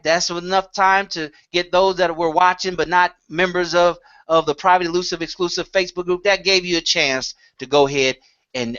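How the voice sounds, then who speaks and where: A man's voice: high voice, bright, forceful tone. A man co-hosting a live online call, upbeat and urging listeners to join in. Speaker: co-host. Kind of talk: casual live call-in chat. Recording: dull lo-fi online call audio.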